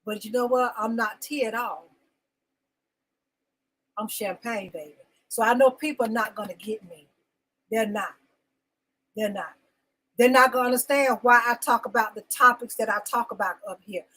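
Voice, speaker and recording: Her voice sits a little high and moves at a normal speed, with frequent pauses and a bit of brightness; the audio is poor. As host of a live talk show segment, she vents emotionally and insistently, repeating phrases for emphasis and greeting viewers by name in a live-stream monologue.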